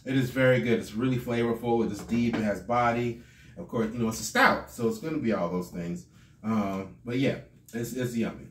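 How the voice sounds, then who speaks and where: A man co-hosting a podcast, chatting in a relaxed, playful way. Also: medium pitch, a little fast, far from the mic, slight background noise. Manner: relaxed, playful, echoes his co-host. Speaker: podcast co-host. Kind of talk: casual chat. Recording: echoey room, a bit off-mic.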